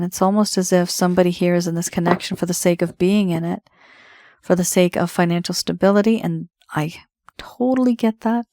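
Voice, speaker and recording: Low-voiced woman giving a tarot reading. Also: a little mellow, no room sound, studio quality. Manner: reassuring, conversational, addresses viewer directly. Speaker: tarot reader.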